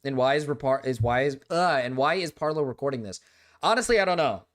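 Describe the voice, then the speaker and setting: A man's voice: mid-range voice, expressive, quick pace. A young man hosting a live stream, talking casually in a rambling, exasperated way, full of "like" and repeated words. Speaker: livestream host.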